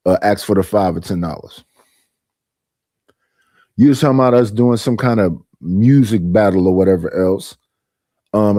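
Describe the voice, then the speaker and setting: A man's voice: medium pitch, dark tone, no room sound, studio quality. Aggrieved middle-aged man ranting on stream. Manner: aggrieved, repetitive, mimics others in quoted voices. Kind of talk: casual livestream rant.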